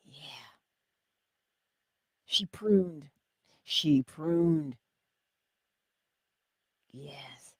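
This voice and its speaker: Lively breathy woman giving a spiritual pep talk. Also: deep voice, drawn-out words, long pauses, no room sound, clean studio sound. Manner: animated, laughs often, drops to whispers for emphasis. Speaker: host of a morning inspiration livestream.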